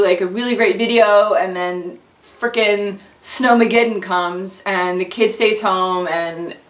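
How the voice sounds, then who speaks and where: A woman's voice: mid-range voice, a bit bright, roomy sound. A woman vlogging in a chatty, self-deprecating way. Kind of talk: casual comedic vlog.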